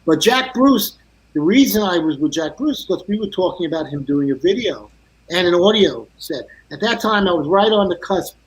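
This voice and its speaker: An older man with a notably high speaking voice tells his stories with energy. He slips into other people's voices as he goes. It's a casual interview chat over a video call. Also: normal speed, low-quality recording. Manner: animated anecdotes full of quoted voices. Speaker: guest guitarist.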